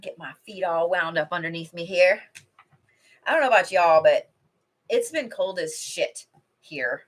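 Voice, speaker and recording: A woman's voice: fairly low pitch, expressive, measured pace, pauses often. A middle-aged woman chatting casually on a livestream from home, rambling and swearing freely as she reads cards. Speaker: intuitive card reader. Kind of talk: casual livestream chat with card reading.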